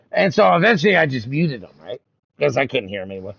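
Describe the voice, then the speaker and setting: A man in casual voice chat, telling profane, animated stories about racing league rivals. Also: fairly high pitch, fast, gravelly, husky, no echo, low-quality recording.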